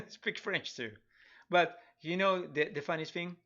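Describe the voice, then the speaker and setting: A middle-aged man with a Spanish accent chats loosely while he draws, chuckling, restarting and filling pauses as he goes. His voice sits a little high and sounds bright, and the stream audio is dull and lo-fi. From Spanish-speaking country. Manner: rambling, chuckling, many restarts and fillers. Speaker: digital artist streaming a drawing tutorial. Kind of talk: casual live-stream chat while drawing.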